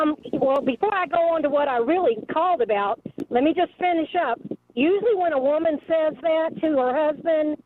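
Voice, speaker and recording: An outspoken woman caller with a high voice comes through a thin, tinny phone line. She talks emphatically and doesn't hold back. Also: no room sound. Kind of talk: phone-in complaint. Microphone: telephone.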